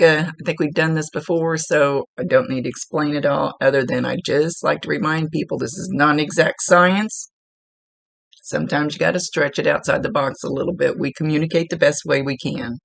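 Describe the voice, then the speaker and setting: Low-pitched and creaky, this woman speaks at a moderate pace on a dry recording. Working as a psychic medium, she gives a client a rambling spirit reading, hunting for words and starting sentences over.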